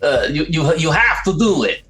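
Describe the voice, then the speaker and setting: A man's voice: fairly high pitch, very animated, normal speed, fairly bright tone, soft background music, rough recording. A man voicing a flustered male vampire enthusiast in a tabletop game, stammering and hesitant. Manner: stammering, hesitant, laughs often. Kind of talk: tabletop role-play in character.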